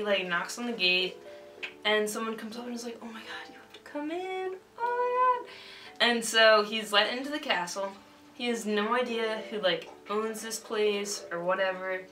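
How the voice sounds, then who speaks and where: A drunk young woman retells an old tale in slangy, rambling casual talk packed with fillers and restarts. Her mid-range voice sounds pushed and bright, picked up off-mic in a roomy space with faint music.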